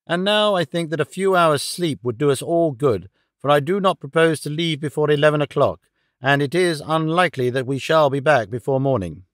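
A man voicing a calm, shrewd detective who speaks in a measured, quietly confident way. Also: on the high side, no echo, clean studio sound, natural voice.

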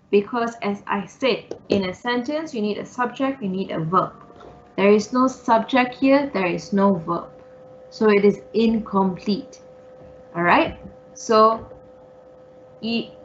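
A woman's voice: fairly high pitch, highs cut off. A woman teacher giving an online English writing revision lesson, explaining each point patiently and step by step with many okays and all rights. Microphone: online class audio.

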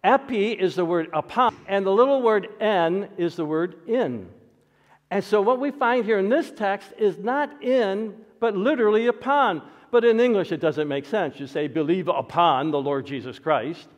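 A man preaching a sermon, telling a story with lively swings between loud and soft. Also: normal speed, lo-fi sound. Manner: animated storytelling with wide swings in loudness and pitch. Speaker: pastor. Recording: long hall reverb.

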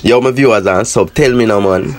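A man with a Jamaican accent chatting casually to his viewers as a dancehall news commentator, in animated patois. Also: on the low side, a little fast.

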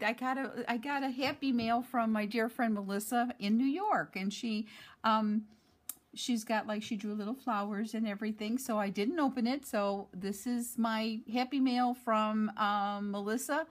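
A woman's voice: fairly high pitch, moderate pace. Female home vlogger, chatty and gushing, casual with lots of fillers. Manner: chatty and excited, many fillers. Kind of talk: casual chat, showing a mail package.

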